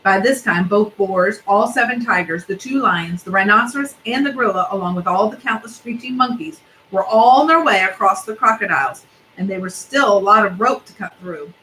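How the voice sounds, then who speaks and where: Woman, storybook read-aloud, bright clear voice, steady expressive narration, faint background noise. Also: medium pitch, a little fast, low-quality recording. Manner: steady, expressive narration with asides about the pictures.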